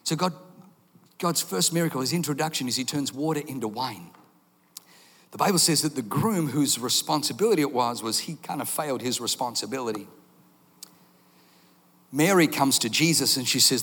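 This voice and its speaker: A man preaching a sermon, telling stories in an animated, jokey way and acting out voices, heard with a long hall reverb. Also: medium pitch, normal speed.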